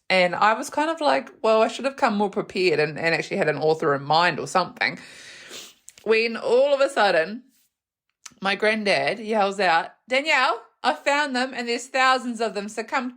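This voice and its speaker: A woman with a New Zealand accent hosting a podcast, telling a funny story in a casual, animated way, laughing often and acting out what people said. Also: fairly low pitch. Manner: animated, laughs often, acts out quoted voices. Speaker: podcast host.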